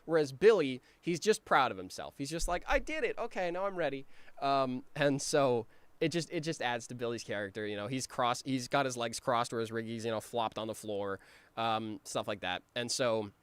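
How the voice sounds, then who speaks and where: A man giving casual creator commentary on his own cartoon, rambling with many ums and restarts, and now and then acting out his characters' lines in quick voices. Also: medium pitch, clear, resonant tone, no echo.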